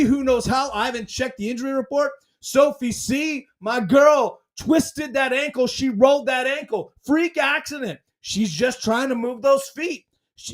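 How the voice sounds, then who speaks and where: Male fan podcast host, very high voice; dramatic, excitable, repeats himself.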